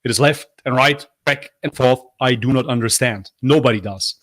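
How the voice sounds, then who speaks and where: A man's voice: moderate pace, fairly bright tone, no room sound. A sarcastic man on a livestream tears into a video, blunt, mocking and half laughing at what he watches. His voice sounds a little worn from talking, and the recording is dry and close. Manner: mocks with high, whiny put-on apologies. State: losing his voice. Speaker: livestream host reacting to a video. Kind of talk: live reaction commentary.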